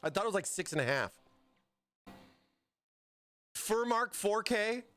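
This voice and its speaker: A man's voice: sits high, animated, measured pace, bright, forceful tone, soft background music. An American man hosting a casual live stream, chatting with viewers while he builds a PC, often breaking off mid-sentence to answer chat. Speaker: livestream host building a PC.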